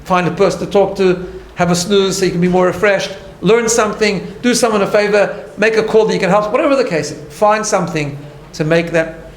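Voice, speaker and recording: In a study hall, a rabbi with a high voice teaches an informal class briskly, barely pausing. He's conversational and emphatic, often restarting his sentences and checking in with "right?" The room is echoey with a faint hum behind him.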